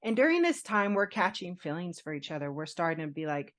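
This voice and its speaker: Speaking fairly quickly in a lowish voice, a woman co-hosting a podcast relates something that happened to her in casual talk. She's lively, laughs a lot and reenacts what others said.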